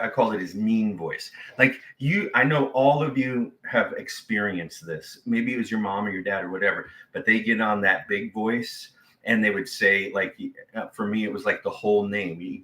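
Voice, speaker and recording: A man's voice: mid-range voice, fairly bright tone. A man pastor preaching a sermon in a conversational way, full of fillers and restarts. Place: church sanctuary. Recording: echoey church sanctuary.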